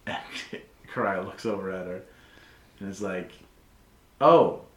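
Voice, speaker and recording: A man narrating a tabletop game as game master, casual and loose, full of "like" and quick laughs. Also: low-pitched, little pitch movement, a bit bright, slight background noise. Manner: casual, lots of "like", laughs often. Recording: roomy echo.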